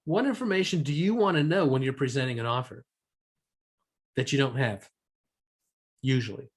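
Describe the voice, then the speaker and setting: A man teaching a negotiation seminar to a live room, quizzing the audience and keeping a brisk, lively delivery. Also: mid-range voice, husky. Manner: lively, asks the audience questions. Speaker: negotiation trainer.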